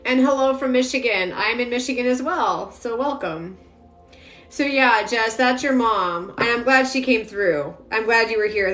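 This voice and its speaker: On the high side and a bit bright, this young adult woman's voice carries a rambling psychic reading on a live stream, filled with filler words. A roomy echo and faint music sit behind her.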